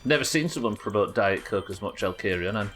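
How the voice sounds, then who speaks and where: A man commentating his game live, with an animated voice that swings up and down. He chats with viewers and muses aloud as he plays. Faint music sits behind him. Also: fairly low pitch, brisk. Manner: chatty, thinks aloud and thanks viewers. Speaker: streamer.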